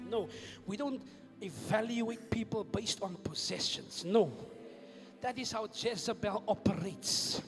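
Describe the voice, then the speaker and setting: South african preacher guy, really high gravelly voice, swings from hushed to shouting, big echoey church hall. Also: measured pace, music in the background. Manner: fiery, switching between hushed asides and shouted declarations. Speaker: pastor. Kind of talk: sermon.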